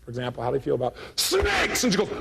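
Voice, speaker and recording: A man gives a live motivational seminar, telling a story and animatedly acting out both sides of the dialogue. His voice is medium-pitched and creaky, with heavy background noise.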